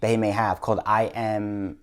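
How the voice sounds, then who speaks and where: A young man vlogging, telling a stressful story in a casual, animated way and acting out what others said. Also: lowish voice, normal speed, clear, resonant tone. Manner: anxious, animated retelling with quoted dialogue.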